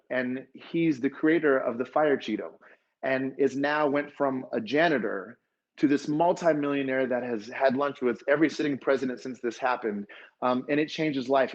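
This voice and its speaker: A man speaks at a conference in an earnest, openly emotional way, walking through stories and lessons. His voice sits at a middle pitch. The sound is dull and a little lo-fi. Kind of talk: motivational talk.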